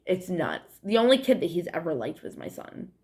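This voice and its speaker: Young woman, low-ish voice, New England accent, rambling swear-heavy vlog chat. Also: wildly swooping pitch, moderate pace, a little mellow. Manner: meandering, heavy on "like" and swearing, frequent laughs. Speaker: vlogger. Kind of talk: rambling casual monologue to camera.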